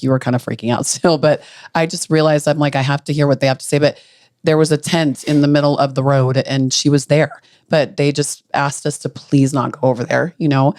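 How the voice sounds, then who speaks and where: A middle-aged woman, a grieving mother, recalling a painful day in halting, earnest speech with frequent restarts. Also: low-pitched, darkish tone, no echo, studio quality. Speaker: grieving mother, podcast guest. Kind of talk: emotional personal recollection.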